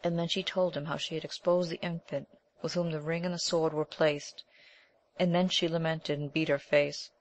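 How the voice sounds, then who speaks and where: A woman narrating an old chivalric romance as scripted audiobook narration, in a measured, even reading. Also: deep voice.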